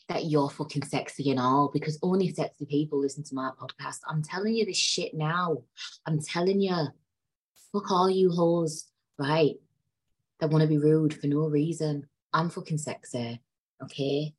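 A woman hosts her own podcast alone with a husky, slightly low voice. She talks in a profane, emphatic, repetitive way. Her delivery jumps between loud outbursts and quiet asides. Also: unhurried. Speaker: podcast host. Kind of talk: solo podcast rant.

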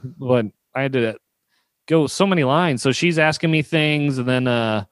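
A young man casually telling a story, animated, often laughing and acting out what was said to him. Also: medium pitch, moderate pace, clear, resonant tone, no room sound, studio quality. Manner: animated, laughing, acts out quoted dialogue. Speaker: storyteller telling about his vaccine visit. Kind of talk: casual chat.

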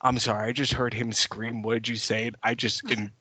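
An older man co-hosting a podcast, telling stories in an animated way and swearing freely in casual chat. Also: mid-range voice, fairly quick, husky, dry recording. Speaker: podcast co-host.

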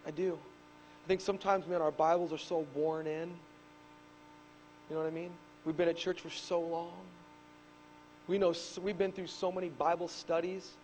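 A man in his thirties preaching a sermon as pastor, telling stories animatedly and rising to shouts on key points. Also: fairly high pitch, flat delivery, moderate pace, pauses often, slight background noise, rough recording. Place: church.

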